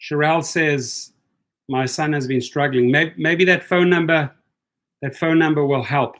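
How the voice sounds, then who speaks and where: A man hosts a live stream with a fairly high speaking voice, reading viewer comments one after another. He talks bluntly and turns indignant, hammering the same point again and again. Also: steady tone, a little slow, fairly bright tone. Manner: indignant, blunt, repeats himself for emphasis.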